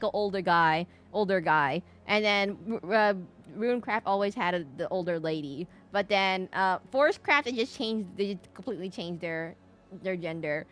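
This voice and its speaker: A woman's voice: medium pitch, fairly bright tone. A woman game streamer giving live gameplay commentary, chatty, laughing and easily distracted.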